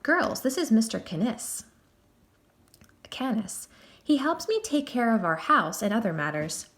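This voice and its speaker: A woman's voice: on the high side, big pitch swings, unhurried, fairly bright tone, full character voice. Woman doing a doting German granny. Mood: kindly. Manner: gushing, affectionate. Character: old grandmother with a German accent, doting and warm.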